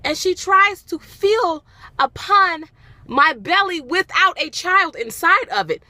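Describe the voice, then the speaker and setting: Animated, dramatic young woman vlogger. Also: extremely high pitch, takes it slowly, no room sound. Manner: animated, dramatic storytelling with emphatic repetition. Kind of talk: casual storytelling vlog.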